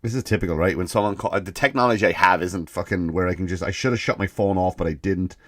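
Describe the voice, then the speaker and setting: Swearing podcast comedian ranting. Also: male voice, deep voice, quick pace, no room sound, studio quality. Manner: swearing, animated storytelling with impressions. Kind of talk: casual comedic rant.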